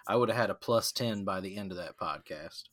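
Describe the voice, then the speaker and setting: A man co-hosting a casual podcast, talking in an animated way and swearing for emphasis. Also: low voice, a little fast. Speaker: podcast co-host.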